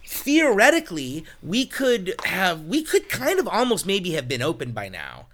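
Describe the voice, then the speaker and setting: A man hosting a casual podcast chat, excitable and jokey. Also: high-pitched, moderate pace. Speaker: podcast host, distillery owner.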